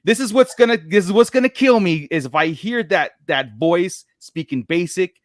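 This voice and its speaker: A man co-hosting a podcast who asks quick questions and laughs easily in casual chat. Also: sits high, no echo, clean studio sound. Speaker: podcast co-host.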